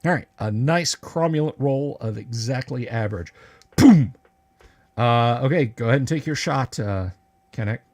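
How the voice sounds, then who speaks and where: A man narrating as game master of a tabletop game on an online stream, casual and halting with many filler words. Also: medium pitch. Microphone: video call.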